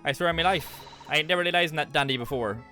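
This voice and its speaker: A man putting on a scrappy young street girl from a game, raised high and loud. She is cheeky and defiant, with faint music beneath the read. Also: fast talker. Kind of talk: reading game dialogue aloud.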